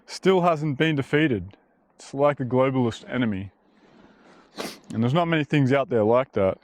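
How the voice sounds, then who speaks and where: An Australian vlogger walks a bush trail, talking bluntly and casually in a rambling monologue with occasional swearing. His voice is medium-pitched at a moderate pace, with no echo.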